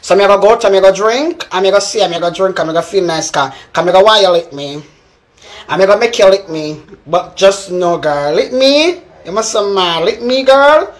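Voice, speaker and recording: A woman's voice: medium pitch, animated, moderate pace. A young woman with a Jamaican accent ranting in a live video, calling someone out again and again with heated, repetitive jabs. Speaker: social media personality.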